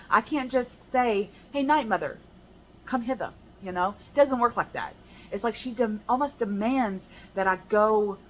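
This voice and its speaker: A woman's voice: mid-range voice, a little hiss or hum, low-quality recording. An American woman poet reading her rhyming poems aloud, with casual, chatty asides between them. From United States. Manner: measured rhyming recitation broken by chatty, laughing asides. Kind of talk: poetry reading with casual commentary.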